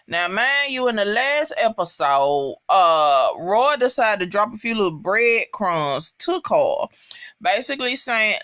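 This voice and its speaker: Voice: mid-range voice, expressive, a little slow, bright, forceful tone, clear, resonant tone. A young adult recapping a TV episode in a casual, profane, emphatic way, talking straight to viewers.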